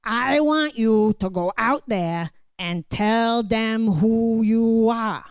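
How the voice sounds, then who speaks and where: A woman putting on her father's voice, a firm middle-aged man who speaks slowly and pointedly. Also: on the high side, smooth, no room sound, clean studio sound, pitched above the performer's own voice. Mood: firm, patient.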